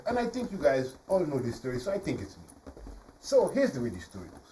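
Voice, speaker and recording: A man telling a folk tale in a live performance for a studio audience, animated and playful, often speaking straight to the crowd. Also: mid-range voice, fast, slight background noise. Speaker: storyteller. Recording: voice from a distance, faint ambience.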